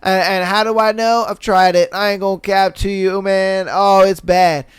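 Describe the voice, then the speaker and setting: A man hosting a podcast, chatting casually and reading listener stories aloud in a slangy, animated way, swearing often and laughing at his own jokes. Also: sits high, moderate pace, clean tone, dry recording, soft background music. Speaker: podcast host.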